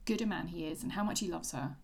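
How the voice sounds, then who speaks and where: Gravelly-voiced woman chatting about a book. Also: lowish voice, quick pace. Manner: chatty, wry, reads passages aloud. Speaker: podcast co-host. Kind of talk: casual book discussion.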